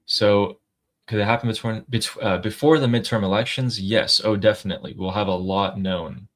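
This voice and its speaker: A man's voice: fairly low pitch, moderate pace. A man co-hosting a casual livestream, reading out news updates and reacting to them. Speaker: political commentary co-host.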